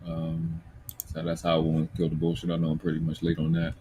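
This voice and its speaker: A man's voice: a bass voice, a little fast, slight background noise. A man with a Baltimore accent hosting a livestream, talking bluntly and profanely while reading chat comments. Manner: profane, blunt, animated ranting. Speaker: livestream host.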